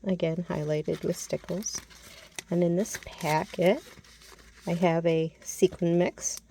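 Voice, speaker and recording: Relaxed, mellow-voiced woman crafter. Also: lowish voice, takes it slowly, creaky, a little hiss or hum. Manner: chatty, loses words and corrects herself. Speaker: crafter showing a handmade mini album. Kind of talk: casual show-and-tell narration.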